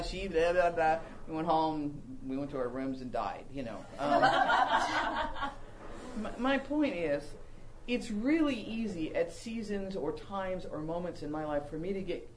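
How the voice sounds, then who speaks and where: Lively older woman teaching the Bible. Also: fairly low pitch, slight background noise, low-quality recording. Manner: animated storytelling with self-mocking humor. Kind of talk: humorous Bible teaching talk.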